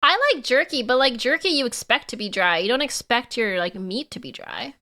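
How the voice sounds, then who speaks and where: A woman's voice: on the high side, animated, fairly quick, pushed and bright. A woman from Canada, giving playful live-stream reaction commentary and teasing her chat.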